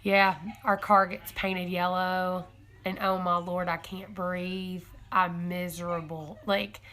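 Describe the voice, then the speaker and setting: A young woman hosting a homesteading live stream, chatting casually and excitably with viewers, thinking aloud and laughing often. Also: lowish voice, slow. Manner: rambling, self-correcting, thinking aloud.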